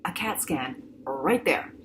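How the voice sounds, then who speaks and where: A woman vividly recounting a frightening hospital experience, emotional and animated, acting out the people involved. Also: sits low, slow, noisy background. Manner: emotional, animated, acts out voices. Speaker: patient telling her story. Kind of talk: dramatic personal storytelling.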